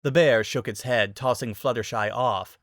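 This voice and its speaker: A narrator giving a dramatic reading of a fantasy fan story, with expressive storytelling. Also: medium pitch, moderate pace, no echo, studio quality.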